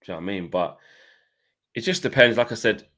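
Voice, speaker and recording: A man chats about football in a laid-back, slangy way, with lots of casual asides. His voice sits on the lower side but sounds bright. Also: lively intonation, fast talker. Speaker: co-host pundit.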